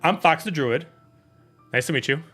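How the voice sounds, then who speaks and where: Man playing casual cussing female druid, bright tone, rambly. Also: fairly high pitch, moderate pace, breathy edge, faint music behind, voice pushed up. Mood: offhand. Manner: rambling, swearing freely, stumbling restarts. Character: brash casual female druid, offhand and profane.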